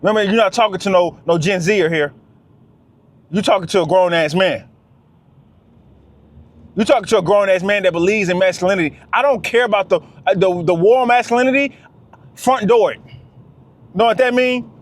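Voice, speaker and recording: A man delivers a fired-up monologue to camera. His voice sits high for a man, and he hammers his points home again and again, calling out to his listeners as fellas. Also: normal speed, pauses often. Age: 30s. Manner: preachy, repetitive, talks straight to "fellas". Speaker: vlogger.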